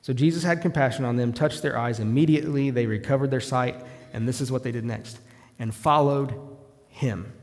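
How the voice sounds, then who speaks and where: A man's voice: medium pitch, a little fast. Preacher man in a reverberant hall. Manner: reads scripture aloud, rising to loud shouts in quoted cries. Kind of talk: sermon.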